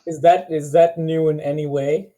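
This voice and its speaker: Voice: mid-range voice, flat delivery, normal speed, warm tone, slight background noise. A person on a voice chat, cracking jokes and teasing the others. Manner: joking, teasing banter. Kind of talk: casual voice chat.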